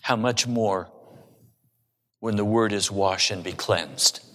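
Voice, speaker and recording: A man preaching in an unhurried, deliberate rhythm, telling stories and slipping in humor as he goes. His voice carries a long reverb, as if he is recorded in an echoey church hall. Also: lowish voice, fairly bright tone. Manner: storytelling with humor. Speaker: pastor. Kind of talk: sermon.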